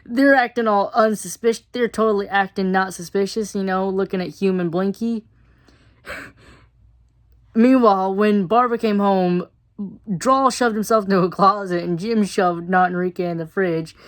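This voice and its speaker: A woman's voice: mid-range voice, normal speed. A woman giving a casual, chatty episode review. She uses lots of fillers and laughs now and then.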